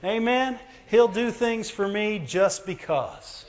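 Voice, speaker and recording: High-voiced preacher in a reverberant hall. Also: male voice, takes it slowly. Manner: conversational preaching, calls for amens; swings from loud emphatic to quiet and low. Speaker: pastor. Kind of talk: sermon. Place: church hall. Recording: muffled lo-fi recording in a reverberant hall.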